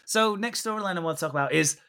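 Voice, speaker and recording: A man's voice: high-pitched, racing, sharp tone. A man co-hosting a podcast, recapping a soap in a sweary, jokey way and acting out the characters' lines. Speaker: podcast co-host. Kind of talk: casual chat recapping a TV soap.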